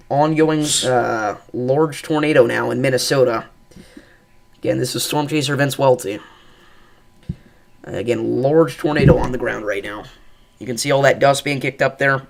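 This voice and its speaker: Man, live weather stream host, gravelly voice, excited storm commentary, repeated shelter warnings. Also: mid-range voice, normal speed, pauses often.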